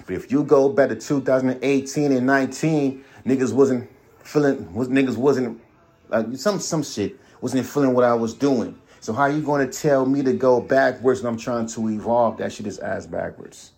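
A man's voice: medium pitch, normal speed, a little mellow. A man hosting a podcast alone, ranting bluntly with heavy profanity and repeating himself. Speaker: podcast host. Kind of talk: solo ranting monologue.

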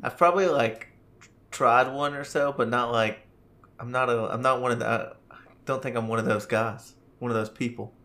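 Young male co-host, mid-pitched, halting and hedging speech. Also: fairly even intonation, sharp tone. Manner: hesitant, hedging, many restarts. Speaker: podcast co-host. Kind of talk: casual podcast chat.

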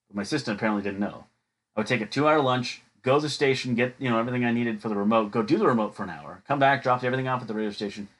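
A man's voice: mid-range voice, a bit bright. A man hosts a podcast and tells funny work stories in a casual, chatty way. He keeps it jokey and acts out what other people said. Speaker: podcast host. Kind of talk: casual storytelling.

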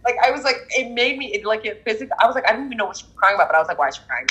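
A woman on a podcast mic in casual chat, telling stories in an animated, venting way. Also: fairly high pitch, rapid-fire, crowd noise, poor audio.

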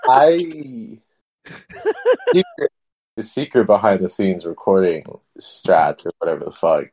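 A man's voice: low-pitched, normal speed. A man co-hosting a podcast in casual chat, swearing freely and telling stories wryly. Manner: swears freely, wry, lively storytelling. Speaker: podcast co-host.

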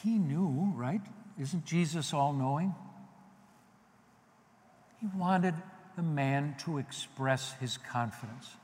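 A male pastor delivers a sermon in a relaxed, conversational way and pokes fun at himself along the way. His voice sits a little high. Long reverb from a large hall trails behind his words. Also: takes it slowly, long pauses. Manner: conversational, self-deprecating preaching.

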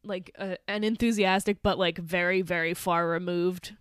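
A woman's voice: lowish voice, steady tone, normal speed, smooth, no room sound, clean studio sound. A woman co-hosting a podcast, chatting casually about a film, rambling and swearing freely as she acts out lines. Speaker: podcast co-host.

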